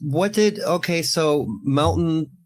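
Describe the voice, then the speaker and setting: A man's voice: on the high side, takes it slowly, no echo. A man co-hosting a podcast, questioning and joking in casual commentary, often laughing. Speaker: podcast co-host.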